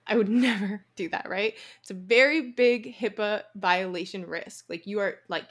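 A woman's voice: medium pitch, moderate pace. A young woman, co-hosting a podcast and telling a story with lots of feeling and frequent laughs. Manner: animated storytelling, laughs often, emotional. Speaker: podcast co-host. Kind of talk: casual chat.

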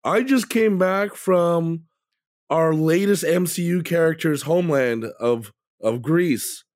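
A man's voice: fairly high pitch, takes it slowly, darkish tone, no room sound. A man from Canada, a podcast guest chatting casually with dry, teasing humor. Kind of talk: casual chat.

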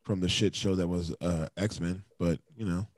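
A man's voice: low-pitched, steady tone, normal speed, darkish tone, dry recording. A man co-hosting a casual movie podcast, laid-back and swearing freely as he acts out lines from films. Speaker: podcast co-host.

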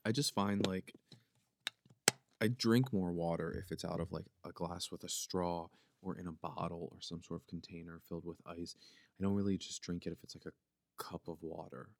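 A man's voice: low voice, fairly even intonation, normal speed, creaky. A man with a Philadelphia accent hosting a casual solo podcast, rambling and joking as he mushes his consonants together. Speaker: podcast host. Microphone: podcast microphone.

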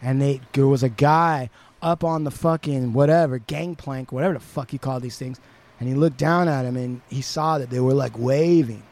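A man hosting a podcast, retelling a story in a casual, profane, animated way. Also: medium pitch, moderate pace. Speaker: podcast host.

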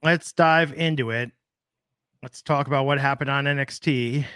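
In this laid-back wrestling podcast chat, the thirty-something co-host wanders through his thoughts aloud with plenty of fillers. His medium-pitched voice is steady, fairly bright, clear and resonant, moving at a moderate pace. There's no room sound, and the audio is studio quality.

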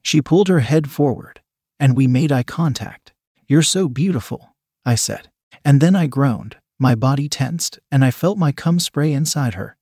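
Man, first-person story narration, quiet even reading, mid pitch, dry. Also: normal speed, husky, dry recording.

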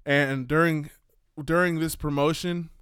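A man with a slightly higher voice recounts wrestling history in a casual, animated way. He laughs often and mixes in Spanish words. The sound is dry and close. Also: unhurried, clean tone, dry recording. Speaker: wrestling fan commentator. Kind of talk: casual storytelling.

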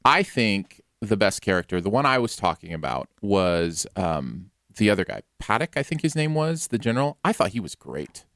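Guy casually chatting about a movie, lively up and down voice. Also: fairly low pitch, normal speed, vocal fry, few pauses, no room sound, studio quality. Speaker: movie review co-host. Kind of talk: casual chat.

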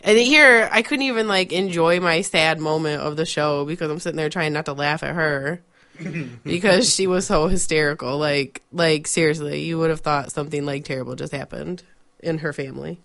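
Brief: woman podcast co-host, casual, animated, laughs a lot. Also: sits low, moderate pace. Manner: animated storyteller, laughs often. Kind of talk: casual chat.

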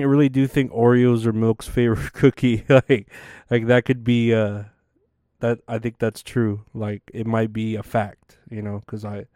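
A man's voice: medium pitch, darkish tone, clear, resonant tone, no room sound, studio quality. A young man hosting a show, rambling casually and cursing often between laughs. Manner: profane, chatty, laughs often. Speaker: podcast host.

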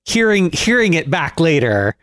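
A man co-hosting a casual comedy podcast, wry and quick with story ideas, often restarting his sentences. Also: on the high side, very animated, fairly bright tone, no echo, clean studio sound. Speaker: podcast co-host.

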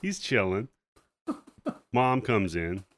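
A man co-hosting a comedy podcast, retelling a movie plot with lots of swearing and acting out the characters in quick bits. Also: lowish voice, noisy background. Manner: animated storytelling, acts out movie characters. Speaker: podcast co-host. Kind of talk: casual comedic movie recap.

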